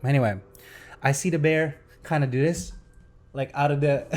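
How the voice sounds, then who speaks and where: A young man in casual podcast chat, telling a story in an animated, excitable way and acting out sound effects. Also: fairly high pitch, normal speed. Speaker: podcast host.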